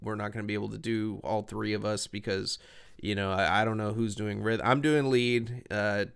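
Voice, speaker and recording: Smooth-voiced man telling profane stories. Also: on the low side, moderate pace. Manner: profane, animated, laughing storyteller. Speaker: musician guest. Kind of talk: casual storytelling.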